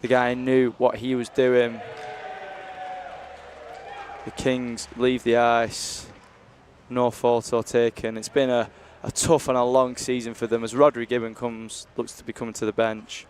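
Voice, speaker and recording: A man's voice: mid-range voice, flat delivery, unhurried, a little hiss or hum. A young man commentating live on a university ice hockey stream, chatty and jokey as he rambles between games.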